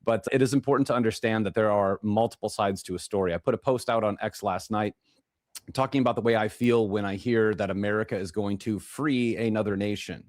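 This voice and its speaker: Low-voiced Chicago man hosting a show. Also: a little fast, a little mellow, no room sound, clean studio sound. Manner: rambling, repeats himself and restarts phrases. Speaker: podcast host. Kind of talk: casual monologue introducing a guest.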